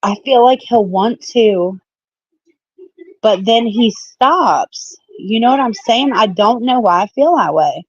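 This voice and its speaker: A woman's voice: on the high side, expressive, takes it slowly, dry recording, lo-fi sound. A woman giving casual tarot readings on a live stream, chatty and apologetic, calling viewers babe and love, with her children heard behind her. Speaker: tarot reader. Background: children heard in the background.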